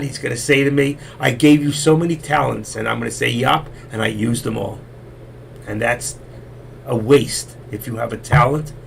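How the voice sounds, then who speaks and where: A man's voice: mid-range voice, vocal fry, a little hiss or hum. A middle-aged man hosting a live stream, telling rambling folksy stories and losing his voice. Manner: chatty, folksy, repeats himself. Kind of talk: rambling casual storytelling.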